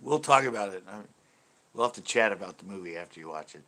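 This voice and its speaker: Relaxed male stream host, low-ish voice, rambling and easygoing. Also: quick pace. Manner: rambling, laid-back, laughs easily. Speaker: fishing channel host. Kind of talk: casual livestream chat.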